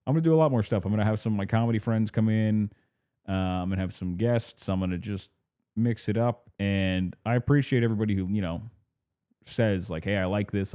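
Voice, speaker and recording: A man in his thirties hosts a podcast alone, with a low, mellow voice. He rambles through casual chat, cutting himself off and restarting, and he slips into playful impressions of other people. He laughs easily between thoughts. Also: a little fast, smooth. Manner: rambling, self-interrupting, laughs often, acts out quotes. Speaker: podcast host.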